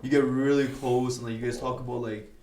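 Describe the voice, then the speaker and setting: Young barber dude hosting a chill podcast, says "like" a lot, kinda echoey room. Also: male voice, medium pitch, little pitch movement, fairly quick, a little mellow, a little hiss or hum. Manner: laid-back, lots of "like" fillers. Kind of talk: casual chat.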